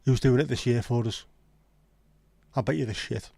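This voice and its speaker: A man with a Scouse accent hosts a relaxed livestream chat. His voice is mellow and warm, recorded close and dry. He talks in blunt, sweary banter as he reads and answers comments. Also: medium pitch, moderate pace, vocal fry, no room sound. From Liverpool, England. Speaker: livestream host. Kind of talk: casual chat reading live comments.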